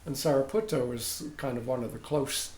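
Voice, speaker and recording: Chatty and digressive, this dharma teacher leads an informal talk for a group, regularly checking in with "right?". His mid-range, slightly mellow voice moves at a normal speed, and the recording is roomy with faint background noise.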